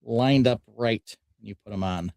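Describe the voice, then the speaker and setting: A man's voice: medium pitch, unhurried, vocal fry, a little mellow. A man hosting a casual live stream, explaining each step as he builds. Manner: easygoing, explains steps as he builds. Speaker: host.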